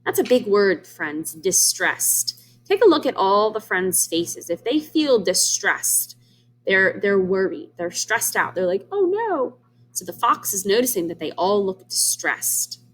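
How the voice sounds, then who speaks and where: A woman reads a children's storybook aloud, pausing to explain words and ask the children what they think. Her voice moves up and down in a very lively, expressive way. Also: medium pitch. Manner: warm, explains words to children, asks them questions. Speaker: teacher reading aloud. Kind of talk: children's read-aloud lesson.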